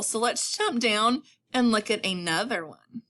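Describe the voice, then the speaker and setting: A woman teacher giving a recorded phonics lesson to young children, speaking slowly and encouragingly with clearly enunciated words. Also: mid-range voice, fairly bright tone. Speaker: elementary school teacher.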